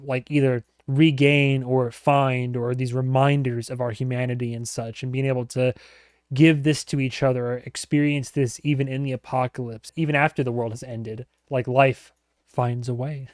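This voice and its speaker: A man's voice: medium pitch, flat delivery, moderate pace, no room sound, clean studio sound. A man hosting a reaction video, talking casually and rambling with lots of fillers, laughing often.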